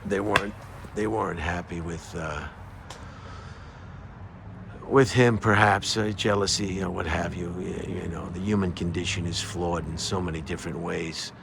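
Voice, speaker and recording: An older man talking in a casual, rambling monologue outdoors, halting often with fillers and restarts. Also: low-pitched, fairly even intonation, gravelly, noisy background. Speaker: vlogger.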